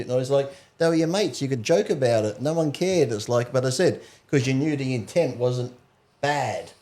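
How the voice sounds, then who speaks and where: A man's voice: medium pitch, lively intonation, brisk, darkish tone. A middle-aged Australian man, a podcast guest, talking bluntly in casual chat and swearing freely. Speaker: podcast guest, ex-pro bodybuilder.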